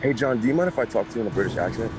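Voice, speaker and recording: A man's voice: medium pitch, animated, racing, over music. A man, streaming a racing game and chatting in a rambling, joking way. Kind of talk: casual stream banter.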